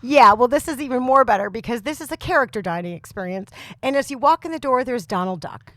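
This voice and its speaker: Loud, animated woman telling a story. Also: a little high, fast, no echo, clean studio sound. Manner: animated, laughing, exasperated. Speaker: podcast co-host. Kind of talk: casual chat, comic storytelling.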